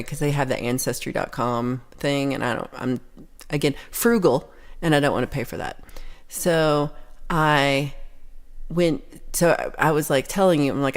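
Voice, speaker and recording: A woman's voice: low voice, normal speed. A woman hosting a livestream, telling a long story in a casual, rambling way with many restarts. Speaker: livestream host.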